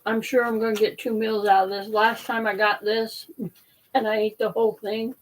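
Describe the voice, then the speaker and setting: A woman's voice: on the high side, flat delivery, normal speed, far from the mic, poor audio. A woman hosting a casual live stream, chatting in a rambling, apologetic way while eating dinner. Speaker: host.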